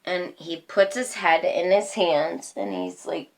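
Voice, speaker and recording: Slow-talking woman retelling her story. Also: on the low side, a little hiss or hum. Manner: slow, halting retelling with many fillers. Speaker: personal storyteller. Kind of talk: personal life story, casual.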